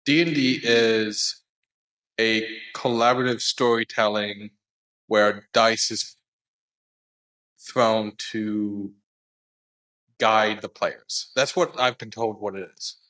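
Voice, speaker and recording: A man's voice: lowish voice, fairly even intonation, slow, long pauses, fairly bright tone, low-quality recording. A man co-hosting a casual podcast, talking in a laid-back, rambling way with lots of fillers. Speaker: podcast co-host. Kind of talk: casual chat.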